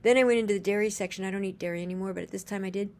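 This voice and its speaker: Creaky-voiced woman telling a rambling story. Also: medium pitch, steady tone, rapid-fire, darkish tone. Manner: rambling, chains events with "and then"; earnest, gushing. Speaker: storyteller sharing a personal story. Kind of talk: casual spoken storytelling.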